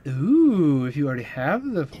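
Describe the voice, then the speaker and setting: Excitable young man playing a game. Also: fairly high pitch, moderate pace, breathy edge, lo-fi sound. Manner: excitable, chatters to the game creatures, jokey swearing. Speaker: gaming channel host. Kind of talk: let's play commentary. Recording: game music running underneath.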